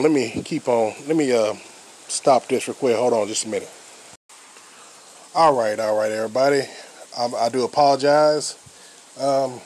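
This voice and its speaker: Earnest man podcasting outdoors in rain. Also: mid-range voice. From United States. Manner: earnest, repetitive, many fillers and restarts. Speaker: podcast host. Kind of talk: casual spoken advice podcast.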